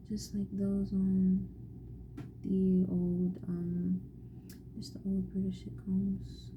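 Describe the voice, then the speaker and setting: A young woman vlogging casually as she paints at home, musing softly and often half-whispering to herself. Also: mid-range voice, monotone, takes it slowly, muffled recording, slight background noise. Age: young adult. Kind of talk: casual chat while painting.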